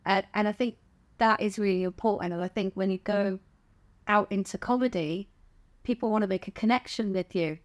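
A middle-aged woman with a southern English accent talks openly in a relaxed interview. Her voice sits at an ordinary middle pitch, and she swears casually and laughs easily as she speaks. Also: brisk. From England. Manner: frank and chatty, swears casually, laughs often. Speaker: podcast guest, stand-up comedian. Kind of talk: candid conversational interview.

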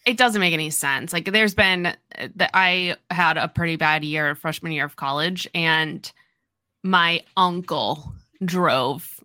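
A woman's voice: sits low, slow pace, pushed and bright, no echo, studio quality. A woman co-hosting a book podcast, talking casually and emphatically, with exasperated asides and casual swearing. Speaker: podcast co-host. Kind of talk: casual book-club chat.

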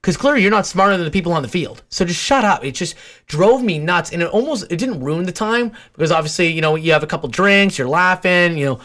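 A man's voice: sits high, expressive, fast, a bit bright. A young man co-hosting a sports podcast, ranting in an exasperated way about rude fans in casual chat.

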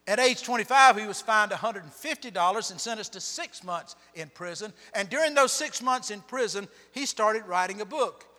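A man preaching a sermon as pastor, telling Bible stories with sharp swings between loud and soft. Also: sits high, expressive, normal speed, hardly any pauses, long reverb tail. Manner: storytelling, dramatic shifts in loudness. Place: church sanctuary.

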